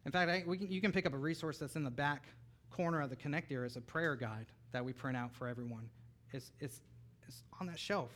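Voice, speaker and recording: A man in his thirties delivers a sermon from the pulpit. His voice sits a little high. He moves between quiet, intimate asides and sudden loud, excited bursts. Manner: animated, rises to near-shouting bursts and drops to soft asides. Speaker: pastor.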